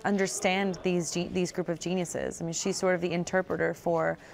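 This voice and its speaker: Actress in interview, low flat voice, vocal fry. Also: female voice, a little fast.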